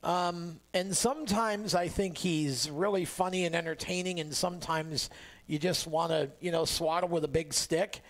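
A man with a fairly high voice hosts a racing talk show from a radio studio. He chats loosely, pausing on fillers and restarting his sentences as he goes. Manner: relaxed, chatty, many fillers and restarts. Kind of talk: casual motorsport radio talk.

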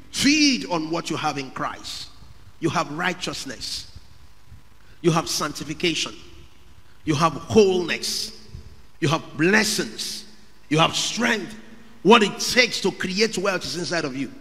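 Man, fervent sermon, high voice, long hall reverb. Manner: fervent preaching, sudden shouted peaks. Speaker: pastor.

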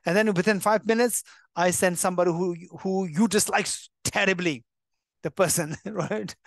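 A male Buddhist teacher gives a dharma teaching in English in a teaching center room, speaking emphatically and restarting words. His voice sits high, and the sound is dry and close.

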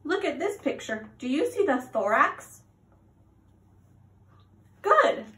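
A woman's voice: sits high, big pitch swings, pushed and bright. A young adult woman teaching preschoolers at circle time, reading aloud and prompting them with gasps and questions. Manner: slow, sing-song, exaggerated gasps and prompts to children. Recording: echoey room.

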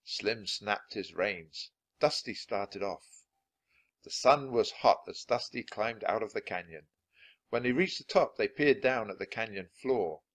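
A man narrating a children's chapter book with clear, expressive delivery. His voice is on the low side but swings widely in pitch. He keeps a steady storyteller's flow. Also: a little slow. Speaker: storybook reader.

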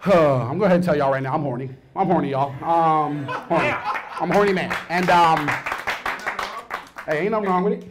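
A man in his thirties performing a stand-up comedy set, swinging between low mumbled asides and loud outbursts. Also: animated, fairly quick. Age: 30s.

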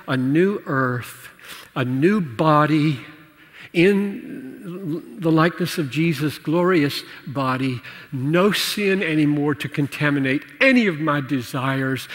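A man preaching and answering questions in a church teaching session, animated and playful, laughing at his own jokes. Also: fairly high pitch. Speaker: pastor. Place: church hall. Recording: church hall reverb.

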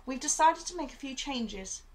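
A woman's voice: high-pitched, animated, darkish tone, pitched above the performer's own voice, rough recording. A grave, weary father, read by a woman. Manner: measured, grave, hesitant. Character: stern, weary father, a commanding officer.

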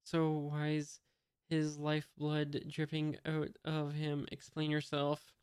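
A man reading the lines of a brash male cook in a flat, plain voice. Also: a little high, takes it slowly, smooth, no room sound, studio quality. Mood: indignant.

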